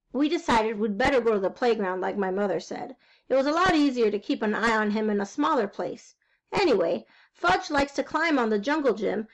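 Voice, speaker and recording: A woman reading a children's chapter book aloud in a high voice. She keeps the first-person telling lively and wry, like a kid sharing a story. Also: low-quality recording. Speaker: reader.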